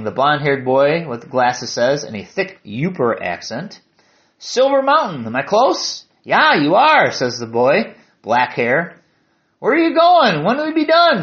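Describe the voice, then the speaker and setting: A man with a southern Lower Peninsula Michigan accent, narrating a hiking memoir in a calm, descriptive way. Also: dull audio.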